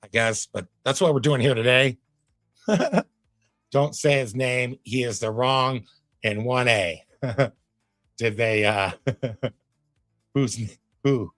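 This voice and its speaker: A man's voice: mid-range voice, takes it slowly, pauses often, fairly bright tone, no room sound, faint music behind. A man giving casual live commentary as a reaction streamer, laid-back and folksy, with drawling asides to his chat.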